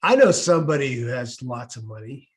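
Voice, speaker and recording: A man co-hosting a comedy podcast, joking in an excitable way and often shouting. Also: mid-range voice, a little fast. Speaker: podcast co-host. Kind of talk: casual comedic chat.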